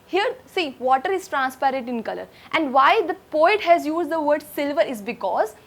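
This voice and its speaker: A woman's voice: high-pitched, lively intonation, normal speed. A woman teacher with an Indian English accent explaining a poem line by line, repeating words for emphasis. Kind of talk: poetry lesson explanation.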